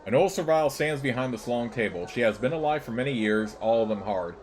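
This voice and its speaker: A man narrating a let's play, reading the game's text aloud at a steady, measured pace. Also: mid-range voice, slight background noise.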